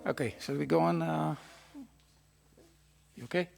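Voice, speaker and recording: A man's voice: fairly high pitch, steady tone, a little slow, creaky, loud music behind the voice. A man teaching a trumpet master class in a recording studio, explaining patiently and singing phrases on syllables.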